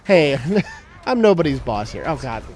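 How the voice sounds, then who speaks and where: A man's voice: medium pitch, sing-song, moderate pace, music in the background. Joking man rambling over gameplay. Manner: joking, rambling with many fillers. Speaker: let's play co-host. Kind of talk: casual gameplay commentary.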